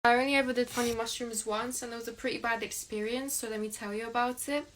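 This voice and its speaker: A woman's voice: fairly high pitch, steady tone, quick pace, fairly bright tone. A young woman telling a personal story in a casual, rambling way, filling her speech with "like". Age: young adult. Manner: chatty, rambling, heavy use of "like".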